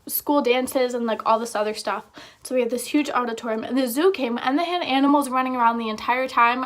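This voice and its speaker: A woman's voice: high voice, fairly bright tone. A young woman vlogger telling a story in a chatty, casual way, with lots of filler words.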